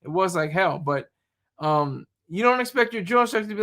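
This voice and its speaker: A man's voice: high voice, lively intonation, a little fast, fairly bright tone. A man streaming live, chatting casually and rambling, often repeating words as he reacts to chat. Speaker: YouTube streamer.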